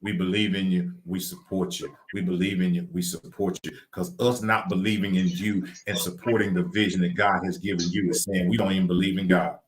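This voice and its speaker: A man's voice: deep voice, flat delivery, a little fast, few pauses, rough recording. A man with a Southern US accent co-hosting a live podcast, talking in a repetitive, preacher-like cadence. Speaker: podcast co-host.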